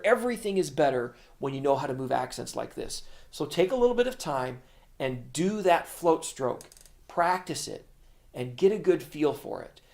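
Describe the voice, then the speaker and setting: A man's voice: sits high, darkish tone. A middle-aged man teaching a drum lesson, explaining patiently in plain words and counting beats aloud. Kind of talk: instructional video lesson.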